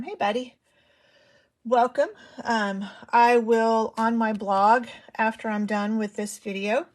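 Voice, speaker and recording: A woman hosts a casual live craft demonstration, talking in a loose, rambling way full of ums. She is still shaking off a cold and a cough. Her voice sits at an ordinary middle pitch. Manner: chatty, rambling, many ums. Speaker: papercraft demonstrator.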